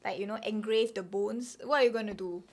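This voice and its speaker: A woman co-hosting a podcast in casual chat, animated and teasing, with quick exclamations. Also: mid-range voice. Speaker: podcast co-host.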